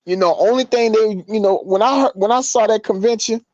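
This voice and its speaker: Man, podcast co-host, earnest, rambling, high voice, dull dry sound. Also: fairly quick, darkish tone, no room sound. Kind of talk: casual podcast chat.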